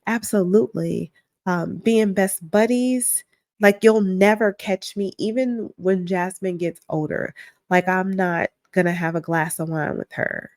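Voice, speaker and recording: A middle-aged woman talks through her own podcast in a candid, reflective way, chatting casually into a close mic. Her voice sits at an ordinary middle pitch. The sound is dry, with no room around it. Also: steady tone, measured pace, darkish tone, dry recording. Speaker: podcast host. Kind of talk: casual solo podcast talk.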